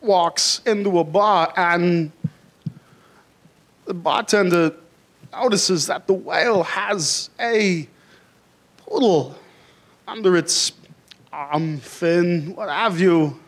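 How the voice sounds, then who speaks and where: A man on a comedy club stage doing an impression of a famous older male actor, with slow, halting phrasing and odd pauses. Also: high-pitched, fairly bright tone, heavily acted. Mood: deadpan.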